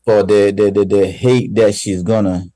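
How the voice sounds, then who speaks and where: A man co-hosts a radio talk show. His voice is mellow and relaxed, heard dry with no room around it. He speaks in a halting way, pausing on fillers as he works through his thoughts. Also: fairly low pitch, no echo, rough recording. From Ghana. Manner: halting, full of "you know" fillers. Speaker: radio co-host.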